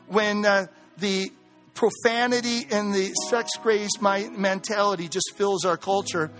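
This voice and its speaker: A man's voice: high-pitched, steady tone, a little slow, fairly bright tone, faint music behind. A man preaching a sermon as pastor, impassioned, often repeating words as he presses his point.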